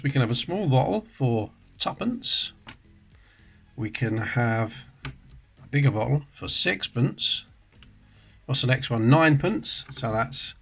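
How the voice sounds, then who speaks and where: A man with a middling voice talks casually through an old magazine, chatty and full of wry asides. Faint music plays softly behind him. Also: medium pitch, creaky, husky. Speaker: coin-collecting channel host. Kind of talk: casual show-and-tell commentary.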